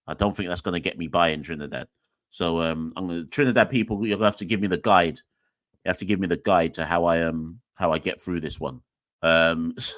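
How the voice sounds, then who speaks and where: Brief: young male podcast host, very low voice, dry close sound, rambling and self-deprecating. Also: a bit bright, no room sound. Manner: rambling, jokey, self-mocking. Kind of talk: casual solo sign-off chat.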